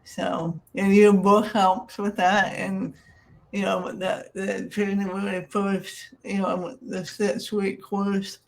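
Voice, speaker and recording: A woman's voice: mid-range voice, little pitch movement, slow, creaky. A middle-aged woman hosting a podcast, speaking casually and supportively with frequent fillers. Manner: casual, affirming, many fillers. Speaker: podcast host, sex therapist. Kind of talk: podcast interview.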